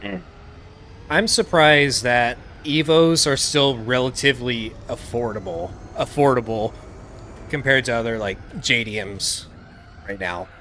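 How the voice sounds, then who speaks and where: A man hosting a live game stream, talking casually in a relaxed, rambling way with lots of filler words. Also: mid-range voice, unhurried, a little hiss or hum. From United States. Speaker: livestream gaming host. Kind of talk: casual live-stream chat while playing.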